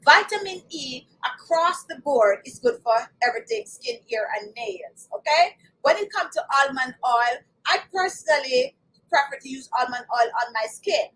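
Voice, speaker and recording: Woman, high voice, live stream host, chatty, emphatic, repeats key words. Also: animated, normal speed, fairly bright tone, slight background noise, rough recording. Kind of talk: live-stream hair care talk.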